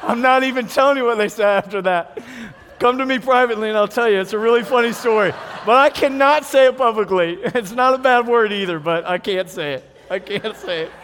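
A man preaching a sermon as pastor, animated and joking as he tells stories and acts out voices. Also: high-pitched, fairly quick, a little hiss or hum. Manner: animated, jokey storyteller who acts out voices. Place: church. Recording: reverberant church hall.

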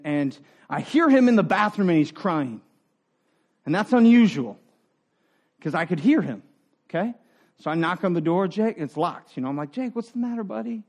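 A middle-aged man preaching a sermon in an earnest, conversational way, dropping to quiet asides and rising for emphasis. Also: fairly high pitch. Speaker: pastor.

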